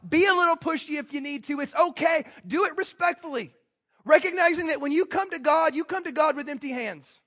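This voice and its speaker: Animated high-voiced pastor preaching. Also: male voice. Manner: animated, emphatic preaching with quick asides and acted-out voices. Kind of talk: sermon.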